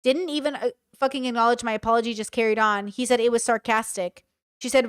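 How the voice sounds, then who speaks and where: A woman's voice: fairly high pitch, brisk, smooth, no echo, clean studio sound. A woman streamer reacting to and reading out chat messages in a casual commentary style. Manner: casual, swears while reading.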